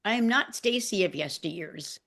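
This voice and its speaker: A woman's voice: on the low side, expressive, normal speed, a bit bright. A woman in a group discussion sharing personally, emotional and self-deprecating, stumbling and restarting often. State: emotional, near tears. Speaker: group participant. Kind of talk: casual heartfelt sharing.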